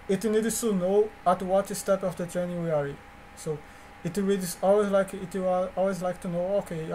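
High-voiced man teaching code, halting. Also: a little mellow, slight background noise. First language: Portuguese. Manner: halting, repeats words, many fillers and restarts. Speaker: course instructor. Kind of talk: coding lecture walkthrough.

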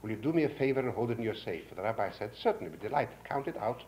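Animated older man telling a story. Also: rapid-fire, poor audio. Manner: animated storyteller, voicing characters with rising pitch. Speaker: lecturer. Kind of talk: storytelling lecture. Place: lecture hall. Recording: old 1950s lecture recording with faint hiss.

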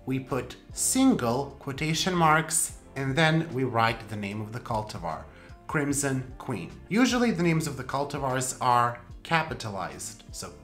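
A woman hosting a plant channel, explaining rules in a casual, playful way with sharp jumps for emphasis. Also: very deep voice, very animated, unhurried, soft background music. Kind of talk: casual instructional talk.

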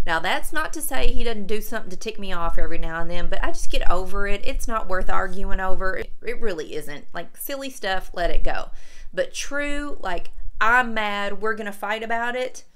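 A woman's voice: medium pitch, pushed and bright, low-quality recording. A woman, chatting casually and candidly to her camera. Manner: chatty, friendly and candid, uses y'all. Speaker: vlogger.

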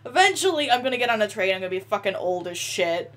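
A young woman giving excitable let's play commentary, yelling and laughing at the game. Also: medium pitch, fast. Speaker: gaming YouTuber.

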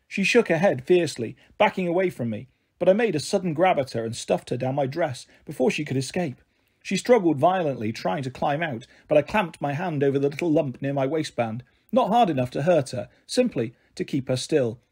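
A man reading a children's book aloud as a storyteller, in an expressive, animated way. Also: fairly high pitch, a little fast, husky.

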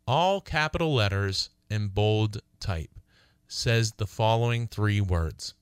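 A middle-aged man hosting a radio show as an attorney, explaining lease terms emphatically and slowing to read contract wording aloud. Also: on the low side, expressive, smooth, dry recording, clean studio sound.

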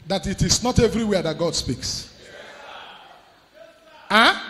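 A man preaching a sermon, emphatic, swinging between hushed lines and shouts. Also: high voice, very animated, measured pace, pauses often. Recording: echoey hall with music behind.

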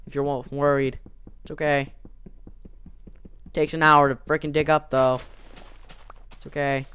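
A young man hosts a gameplay video, rambling casually as he talks to himself and the game, his voice cracking often. His mid-range voice is smooth and fairly bright, with a flat, unhurried delivery.

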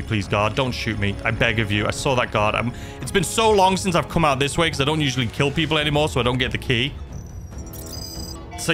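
A young man commenting on his own gameplay, talking to himself anxiously and exclaiming often. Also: mid-range voice. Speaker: gaming YouTuber.

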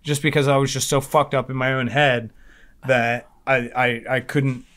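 A man's voice: mid-range voice, little pitch movement, normal speed, fairly bright tone. A man on a recovery podcast, telling a long story in casual chat, rambling and swearing often, with many fillers and restarts.

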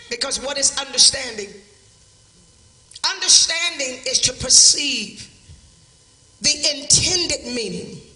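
High, piercing woman preaching in church. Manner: shouting, emphatic preaching cadence. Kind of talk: revival sermon. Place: large church building. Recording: roomy echo, distant mic, faint music.

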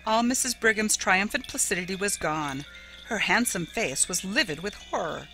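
A woman narrating a ghost story in a dramatic, measured audiobook reading. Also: mid-range voice, expressive, pushed and bright, faint music behind, rough recording.

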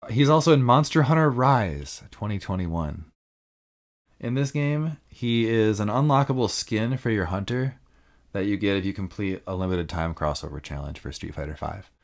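A man's voice: lowish voice, expressive, moderate pace. A man co-hosting a podcast, chatting casually about fighting games with frequent laughs and loose filler words. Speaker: podcast co-host.

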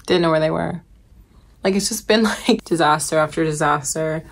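A woman's voice: deep voice, normal speed. A woman in her twenties, a medical student, talking casually and candidly to a handheld phone camera. She chats freely and fills her sentences with "like". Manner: chatty and candid, peppered with "like". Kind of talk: casual vlog chat to camera.

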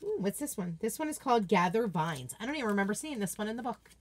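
An enthusiastic woman hosts a casual unboxing chat from her home office. She gushes over each item and answers her viewers in a chatty, excited way. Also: mid-range voice, quick pace. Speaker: craft product seller and video host.

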